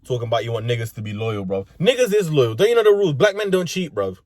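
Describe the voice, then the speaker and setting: A man's voice: mid-range voice, big pitch swings, fast talker, darkish tone, slight background noise. A young man with a London accent, ranting comedically and profanely in street slang from inside a car. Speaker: vlogger. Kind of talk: comedic rant.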